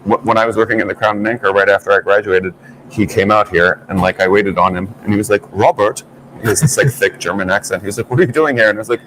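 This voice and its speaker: A man's voice: fairly low pitch, steady tone, fast talker, fairly bright tone, a little hiss or hum, low-quality recording. A man co-hosting a morning talk show, telling stories in a chatty, playful way. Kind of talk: casual chat.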